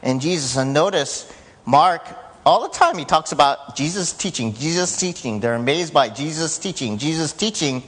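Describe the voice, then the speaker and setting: A man preaching a sermon to his church in a conversational way, rising loud when he quotes. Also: a little high, animated, normal speed, husky. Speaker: pastor. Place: church sanctuary. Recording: church hall reverb.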